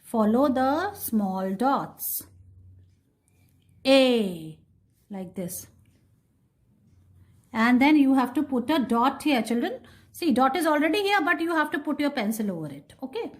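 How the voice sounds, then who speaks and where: A woman teaching phonics to kindergarten children, sounding out letters slowly and repeating each word. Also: high-pitched, lively intonation. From India. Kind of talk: slow, sing-song phonics lesson for young children.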